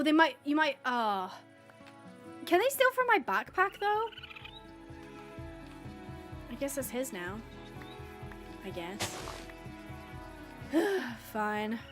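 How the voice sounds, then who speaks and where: Woman gaming streamer, high lively voice, bright tone, excitable chat, faint music behind. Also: slow, pauses often. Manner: chatty, excitable, talks to game animals. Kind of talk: live gameplay commentary.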